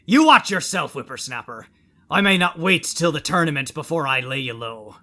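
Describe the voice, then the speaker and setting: A man voicing a gruff, menacing old pirate swordsman with old-fashioned speech. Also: on the high side, lively intonation, normal speed, sharp tone.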